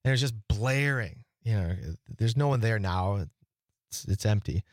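A man in his forties speaking as a parent, halting with restarts at first and building to indignant outrage. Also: lowish voice, a little mellow, dry recording, clean studio sound. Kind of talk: impassioned personal testimony.

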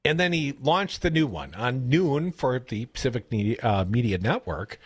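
Chatty husky-voiced Wisconsin radio host. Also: male voice, medium pitch, moderate pace, dry recording. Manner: chatty, rambling storyteller, animated. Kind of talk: casual radio talk. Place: radio studio. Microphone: studio broadcast mic.

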